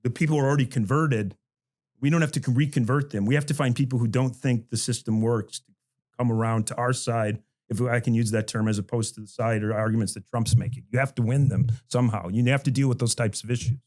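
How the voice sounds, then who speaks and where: A man's voice: medium pitch, fairly even intonation, quick pace, a little mellow. A middle-aged man, a history professor, talking casually on a panel podcast, rambling with many restarts and asides and chuckling as he goes.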